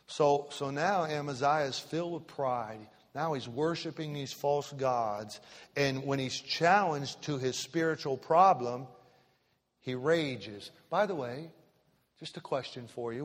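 Brief: male pastor, middle pitch, emphatic sermon with repeated questions to the room, long hall reverb. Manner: emphatic, repetitive, questioning the congregation.

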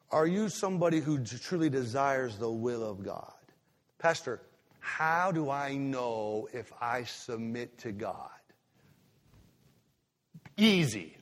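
A male pastor preaching a sermon, drawing words out for emphasis and breaking into sudden loud rises. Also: medium pitch, long reverb tail.

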